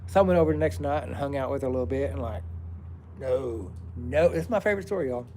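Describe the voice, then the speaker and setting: A man's voice: mid-range voice, expressive, quick pace, a little mellow, slight background noise. A man, telling a personal story in a rambling, profane, drawling way.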